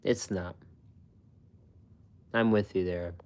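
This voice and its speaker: A food channel host chats loosely with viewers on a live stream in a low, deep, darkish voice with a steady tone and slow pace. He rambles, swears freely, laughs often, and fills his talk with "like" and restarts.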